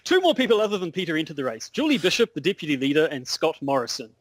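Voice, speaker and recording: A man's voice: on the high side, sing-song, racing, no echo. A man putting on an Australian accent to play a blustery male news correspondent in a comedic podcast bit. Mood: mock newsy. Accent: put-on Australian. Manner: breaks character, laughs, rambles.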